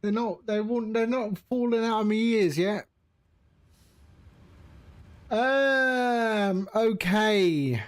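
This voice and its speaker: A man giving casual live-stream commentary as he sets up a flight simulator, chatting to viewers in a relaxed, rambling way. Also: high-pitched, extremely slow, long pauses.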